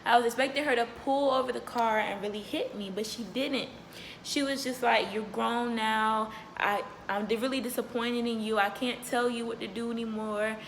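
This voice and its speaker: A young woman with a slightly high voice talks candidly and casually, as if to friends watching her vlog. Her delivery is chatty and loose, full of fillers. A faint ambient hum sits under her voice. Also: steady tone, a little fast. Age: young adult. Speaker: vlogger. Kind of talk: casual storytelling to camera.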